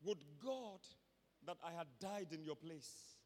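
A man's voice: a little high, expressive, a little mellow, pitched below the performer's own voice. A man voicing a grieving old king who weeps and cries out for his dead son, in a reverberant hall. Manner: wailing, drawn-out cries.

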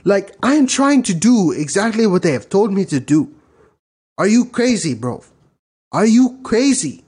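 A man's voice: sits high, sing-song, unhurried, a little mellow, slightly rough, voice pushed up, heavily acted. A man voicing an irate young driver who protests at a drive-thru intercom, repeating himself in rising indignation, in a comic accent impression. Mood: indignant.

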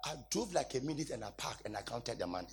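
A man's voice: mid-range voice, very animated, quick pace, gravelly, over loud music. A man preaching, telling a story in a dramatic, exclaiming manner. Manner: laughing, exclaiming, dramatic retelling. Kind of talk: animated sermon storytelling.

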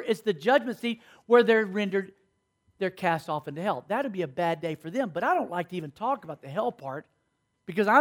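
A man preaching a sermon to a school audience, often stopping to ask the listeners questions and check that they follow. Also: high-pitched. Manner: asks the audience questions, call and response. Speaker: speaker at a school.

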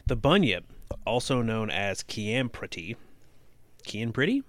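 A young man co-hosting a casual podcast. He reads aloud and chats with dry, wisecracking humor and some swearing. His bright, lively voice sounds close and dry. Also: on the low side, a little slow, dry recording. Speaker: podcast co-host.

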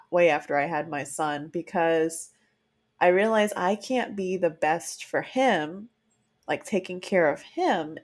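A woman co-hosting a casual chat podcast, talking earnestly and acting out quoted lines as she tells stories. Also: lowish voice. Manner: earnest, animated storytelling with acted-out quotes. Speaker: podcast co-host.

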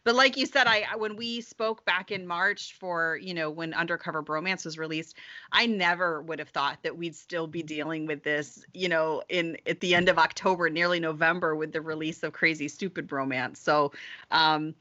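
A woman's voice: low-pitched, fairly even intonation, normal speed, bright, forceful tone, highs cut off. A middle-aged woman author being interviewed, chatting casually, laughing often and restarting her sentences. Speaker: author guest.

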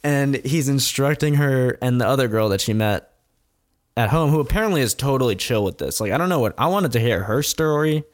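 A man recaps a documentary in a loose, conversational way, with swearing and laughter running through his telling. His voice sits at an ordinary middle pitch, and he moves between quick asides and slower, emphatic beats. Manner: profane, laughing, animated retelling. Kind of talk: casual storytelling commentary.

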